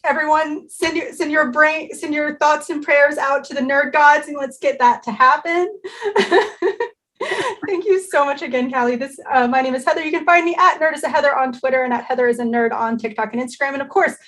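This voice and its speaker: Perky interview host, high voice, enthusiastic, laughs easily. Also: female voice, a little fast, a bit bright. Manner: upbeat, enthusiastic, laughs often. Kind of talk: casual interview chat.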